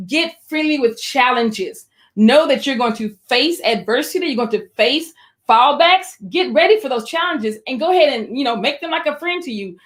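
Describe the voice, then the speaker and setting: A woman presenting an online webinar for educators, encouraging and speaking directly to her audience, slowing down to stress key phrases over a computer microphone. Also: on the high side.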